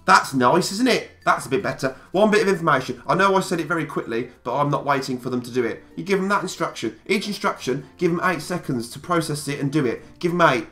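A man's voice: fairly high pitch, lively intonation, quick pace, few pauses, bright, forceful tone, soft background music. A man talking straight to camera in a casual vlog, emphatic and repeating phrases to drive his point home. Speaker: YouTuber.

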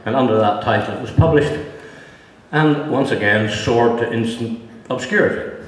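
A man's voice: mid-range voice, moderate pace. An older man speaks to a live audience as an author at a book launch, full of dry, self-mocking asides. He is heard in a large echoey hall that lets his voice ring on with long reverb. A faint hum of room ambience sits underneath. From Northern Ireland. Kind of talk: anecdotal talk to an audience.

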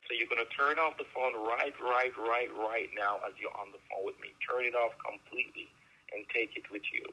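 A man's voice: mid-range voice, fairly even intonation, a little fast, bright, forceful tone, husky. A man on a phone call, pushy and insistent, repeating his instructions. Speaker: phone scammer. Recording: tinny phone line.

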